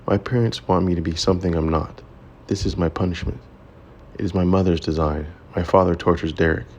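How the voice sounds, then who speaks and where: A man's voice: sits low, steady tone, brisk, a little mellow, a little hiss or hum. Poised teasing young woman, as a man puts her on. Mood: bitter.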